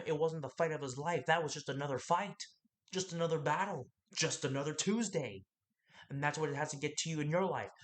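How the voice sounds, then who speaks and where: A man hosting a podcast, giving an animated, preachy motivational talk that rambles and fires questions at the listener. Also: medium pitch. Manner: animated and preachy, asks the listener questions, acts out other people's lines; rambling, with laughs and restarts.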